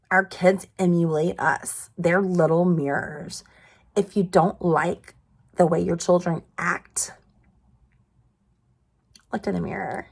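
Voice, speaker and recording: This parenting vlogger is a woman in her thirties with a lowish voice. Her earnest pep talk to camera includes direct questions for viewers and soft, breathy asides.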